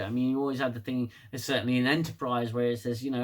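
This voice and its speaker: A man's voice: mid-range voice, lively intonation, fast, a bit bright. A man giving a casual, sarcastic, sweary solo review of a TV episode.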